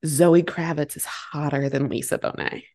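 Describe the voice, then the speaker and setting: Woman, thirties, low voice, animated, acts out quotes, casual podcast talk. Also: normal speed. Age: 30s. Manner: animated storytelling, acting out quotes. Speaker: podcast co-host. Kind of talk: casual chat.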